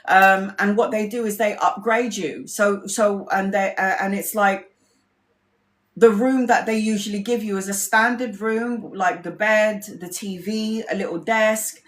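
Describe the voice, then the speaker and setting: A woman's voice: mid-range voice, fairly even intonation, unhurried. A woman tarot reader telling stories in a casual livestream, candid and rambling, swearing freely. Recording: roomy echo.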